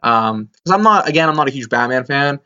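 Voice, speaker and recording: A man co-hosting a casual comics podcast, talking in an eager, rambling way full of ums and restarts. His voice sits at an ordinary pitch, and the recording sounds somewhat dull and lo-fi. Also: expressive, fairly quick, pushed and bright, smooth. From Pennsylvania, US. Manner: rambling, enthusiastic, with many fillers. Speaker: podcast co-host. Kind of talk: casual chat.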